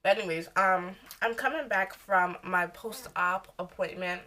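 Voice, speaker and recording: A woman's voice: on the low side, unhurried, sharp tone. A young woman, chatting casually and rambling while she eats for a mukbang vlog. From United States. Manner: rambling, loose and candid, talking while eating. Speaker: vlogger.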